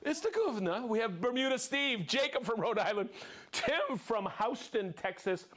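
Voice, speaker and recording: A man hosts a live show and calls out viewers one after another, whooping and joking as he goes. His voice sits high and swings widely in pitch. The delivery is exuberant and playful throughout. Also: very animated, moderate pace, a bit bright. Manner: exuberant, playful, whoops and jokes between names. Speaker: host of a live product show. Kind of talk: live-stream viewer shout-outs.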